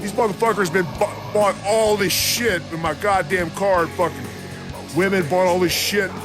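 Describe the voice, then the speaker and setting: A man's voice: sits high, fairly even intonation, moderate pace, over music. A man hosting a podcast, telling a rambling, profane story in blunt casual talk. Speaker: podcast host.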